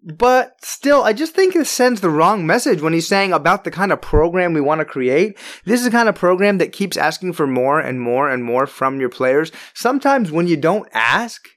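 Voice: sing-song, normal speed. Emphatic ranting podcast host. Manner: emphatic, ranting, with big jumps in pitch and loudness on stressed words. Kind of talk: opinionated sports podcast monologue.

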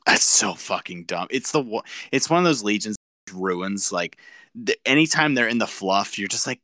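A man's voice: fairly low pitch, normal speed, no echo, studio quality. A man co-hosting a casual podcast chat, ranting with lots of swearing. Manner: profane, animated ranting. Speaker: podcast co-host.

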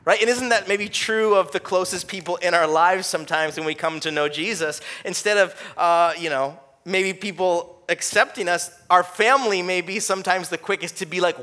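Young guy giving a laid-back sermon, high bright voice, lots of ums and likes. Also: moderate pace, few pauses. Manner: casual, conversational preaching with frequent fillers. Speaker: pastor.

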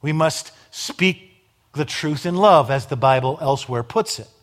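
A man's voice: fairly high pitch, a little slow. A man preaching a sermon, emphatic, with dramatic rises and drops in volume and wry asides. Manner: wry humor.

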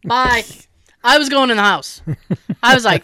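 A woman's voice: on the high side, normal speed, dry recording. A woman telling a story in casual chat, acting out what everyone said and swearing freely. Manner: animated, acts out quotes, swears freely.

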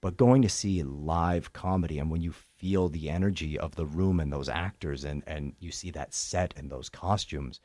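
A man with a Canadian accent, a stage actor chatting in an interview with animated, self-deprecating humor. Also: rumbling low, normal speed, few pauses, no echo. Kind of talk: interview chat.

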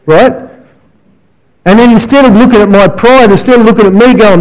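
Animated preacher man, fairly high voice. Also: a little fast, poor audio. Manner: animated storytelling with asides and rhetorical questions. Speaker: guest preacher and Christian counsellor. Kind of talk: sermon.

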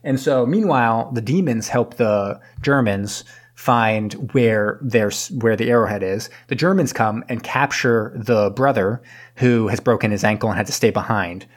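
A man on a podcast, casually recapping a movie plot in a rambling way and acting out characters in quick, funny voices. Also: medium pitch.

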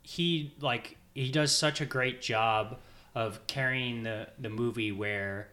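Bright-voiced enthusiastic man chatting films. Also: medium pitch, takes it slowly. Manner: enthusiastic, rambling with many fillers. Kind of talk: casual movie podcast chat.

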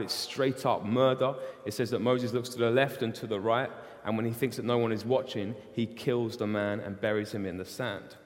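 A young man preaching a sermon in a casual, animated storytelling way. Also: medium pitch. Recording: long hall reverb.

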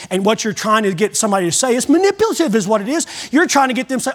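A male pastor delivers his sermon in a notably high voice. His manner is folksy and emphatic, speaking plainly to the congregation and acting out prayers. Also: animated, quick pace, few pauses.

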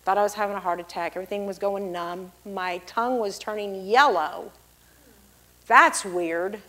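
A middle-aged pastor's wife giving a lively church testimony, acting out the people she quotes. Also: mid-range voice, normal speed. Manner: storytelling, acts out the people she quotes in big, loud voices.

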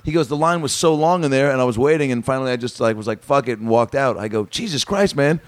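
Animated storytelling man, dry studio sound. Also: mid-range voice, fast, no echo. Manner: rambling, animated storyteller acting out quotes. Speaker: comedian guest. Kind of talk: casual podcast storytelling.

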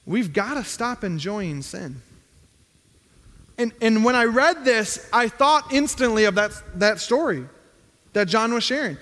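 A man's voice: sits high, animated, a little slow, fairly bright tone. A middle-aged male pastor preaching a sermon in a conversational tone that rises to emphatic pleading. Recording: hall reverb.

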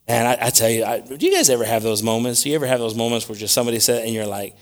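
A man preaching a sermon, swinging between loud scripture reading and quiet, repetitive asides. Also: medium pitch, lively intonation, rapid-fire, few pauses. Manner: repeats words while searching for them.

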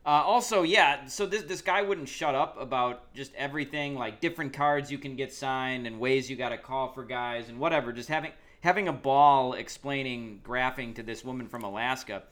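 A man's voice: medium pitch, moderate pace, few pauses, fairly bright tone. A man co-hosting a podcast in casual chat, rambling with lots of ums and uhs. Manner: rambling, hesitant with many fillers. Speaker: podcast co-host.

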